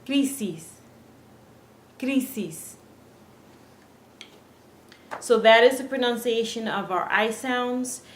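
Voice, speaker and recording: A woman's voice: a little high, moderate pace, hardly any pauses. A woman teaching Spanish pronunciation to English speakers, patiently repeating each word for practice. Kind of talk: pronunciation lesson. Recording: echoey room with faint ambient noise.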